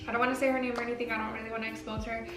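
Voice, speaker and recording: A woman's voice: a little high, little pitch movement, very fast, distant mic. A woman vlogger telling a personal story in a casual, chatty way, full of fillers and mild swearing. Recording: echoey room, away from the mic, faint music.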